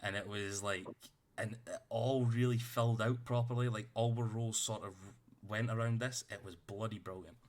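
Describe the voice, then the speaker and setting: A man's voice: on the low side, fairly even intonation, normal speed, few pauses. A man running a tabletop game, chatting out of character in a rambling way and swearing freely. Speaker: game master. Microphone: streaming setup.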